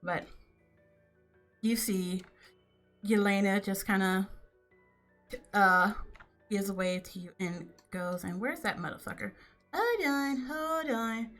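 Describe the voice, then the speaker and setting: Bright, animated woman game master. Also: mid-range voice, slow, pauses often, soft background music. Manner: animated, laughing often. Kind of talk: narrating a tabletop game.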